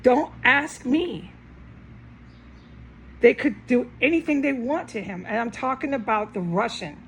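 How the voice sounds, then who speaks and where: Woman, agitated rant to camera, gravelly fry, swears a lot, indoors at home. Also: fairly high pitch, animated, normal speed, slight background noise, poor audio. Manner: agitated, ranting, heavy swearing. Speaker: vlogger. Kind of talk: angry rambling monologue to camera.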